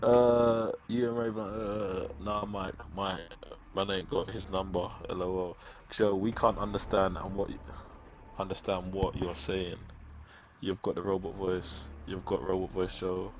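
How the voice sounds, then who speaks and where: A live-streaming gamer chats casually with his chat while playing, his low voice flat and unhurried. The banter is laid-back and slangy, and there's slight background noise in this casual commentary.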